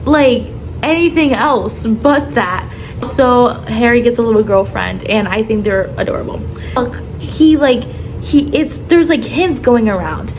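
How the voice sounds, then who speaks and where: A young woman chatting casually through a book review vlog, expressive and full of filler words. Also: fairly high pitch, a little slow, slight background noise. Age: young adult. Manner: chatty, expressive, lots of "like" fillers, animated emphasis. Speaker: book vlogger.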